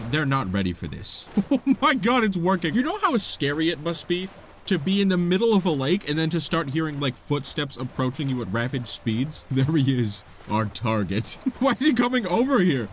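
A man's voice: fairly high pitch, sing-song, normal speed, slight background noise. Goofy guy narrating his game, sarcastic, voice jumps around a lot. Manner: playful, sarcastic, laughs often. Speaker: gaming YouTuber. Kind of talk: gameplay commentary.

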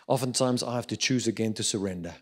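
A middle-aged man with a South African accent preaching a sermon, swinging between loud urging and quiet reflection. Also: on the low side, fast, breathy edge. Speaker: pastor.

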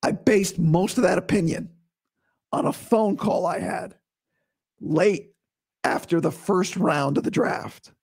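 A man with a hoarse, rough voice, recovering from vocal cord surgery, hosting a casual solo sports podcast in a blunt, opinionated way. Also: sits high, takes it slowly, pauses often, darkish tone. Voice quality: rough, breathy voice dropping into whispers. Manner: blunt, opinionated, talks straight to listeners.

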